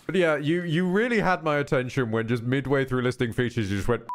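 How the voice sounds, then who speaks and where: A man's voice: medium pitch, a little fast, few pauses. A man streaming a game, chatting casually about it in a rambling way, with many restarts.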